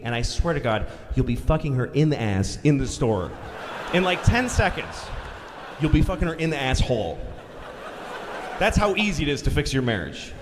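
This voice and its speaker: Animated male stand-up comic in a hall. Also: medium pitch, normal speed, background noise. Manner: animated storytelling, acting out voices, shouting punchlines. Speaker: stand-up comedian. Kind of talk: stand-up comedy routine. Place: large theater stage. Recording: live hall recording with crowd laughter. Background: audience laughter.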